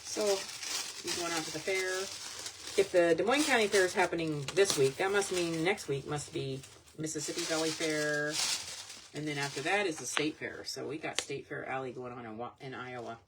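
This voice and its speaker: Her voice sitting low and her pace moderate, an online vintage seller chats casually during a live stream, wandering off-topic and musing aloud as she presents products. Packaging crinkles amid heavy background noise.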